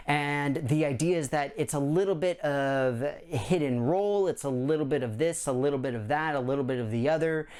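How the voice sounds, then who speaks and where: A middle-aged man with a fairly high, clear, resonant voice hosts a board game channel. He chats casually to the camera as he works through a countdown list, enthusiastic and rambling.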